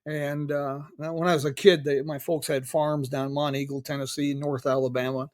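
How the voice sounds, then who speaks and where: A middle-aged man hosting an interview, rambling with many pauses and restarts. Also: a little high, flat delivery, no room sound, clean studio sound. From United States. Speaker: host. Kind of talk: casual interview chat.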